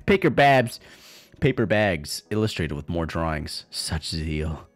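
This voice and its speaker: A man's voice: low-pitched, sing-song, unhurried, no echo. A man streaming a visual novel, reading it aloud dramatically and breaking into crude, jokey asides.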